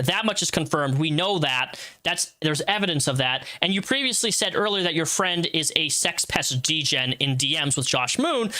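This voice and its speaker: Animated, bright-voiced male streamer. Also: sits high. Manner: blunt and profane, lecturing the person he reacts to. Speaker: livestream host. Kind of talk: live commentary reacting to a social media post.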